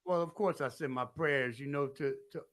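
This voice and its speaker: A man talking casually as a guest musician, loud and blunt, with folksy sayings. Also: medium pitch, moderate pace, no echo. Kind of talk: casual chat.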